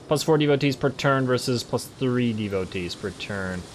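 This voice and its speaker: A man of middle pitch talks through his strategy game turns, thinking aloud and correcting himself. He is excitable and quick to laugh. A faint noise sits under the voice. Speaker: let's play host. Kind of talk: casual gameplay commentary.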